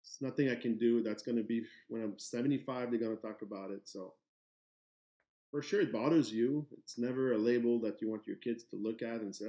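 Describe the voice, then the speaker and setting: A man in his forties, a former hockey player, answering interview questions in a relaxed, shrugging way. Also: mid-range voice, fairly quick. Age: 40s. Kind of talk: casual interview. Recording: roomy echo.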